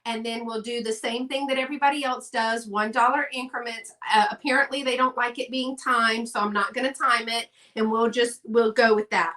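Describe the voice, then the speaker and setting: A woman's voice: a little high, fairly even intonation, brisk, hardly any pauses, fairly bright tone. A woman hosting a casual live-stream sale, chatty and gushing over her items.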